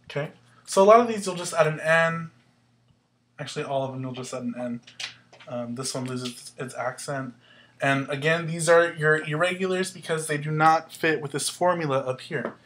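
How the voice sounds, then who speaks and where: A man teaching a language lesson at a board, explaining patiently in a casual way, with fillers and quick self-corrections. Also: fairly high pitch, fairly bright tone, a little hiss or hum. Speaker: Spanish teacher.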